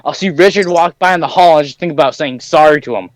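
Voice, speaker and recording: High-voiced teenage boy telling stories. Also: fast, dry recording, low-quality recording. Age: teens. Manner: animated, acts out voices in his stories. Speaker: podcast host. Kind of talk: casual podcast storytelling.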